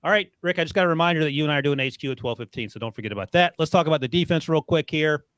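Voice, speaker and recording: A man co-hosting a podcast, talking fast and teasing his co-host with frequent laughs. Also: fairly high pitch, a bit bright, clear, resonant tone, dry recording. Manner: quick, laughs often, teasing. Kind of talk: casual sports chat.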